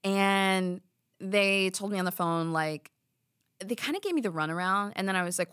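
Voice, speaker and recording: A woman's voice: medium pitch, normal speed, fairly bright tone, smooth, no room sound, clean studio sound. A young adult woman, hosting a podcast and telling a story in a chatty, exasperated way full of "like"s. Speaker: podcast host. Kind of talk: casual storytelling.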